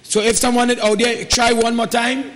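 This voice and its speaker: A man's voice: very high-pitched, level tone, normal speed, fairly bright tone. A man with a Trinidadian accent hosting a live call-in talk show, encouraging and repeating himself. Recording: reverberant studio sound.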